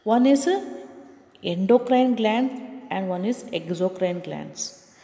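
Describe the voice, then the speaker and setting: A woman teacher explains a science lesson with a soft, mellow voice, pausing to check in with her students. Her voice carries a lingering reverb, as if recorded in a room with long echo. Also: mid-range voice, expressive, creaky. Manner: explaining slowly with frequent checks like "okay" and "understood".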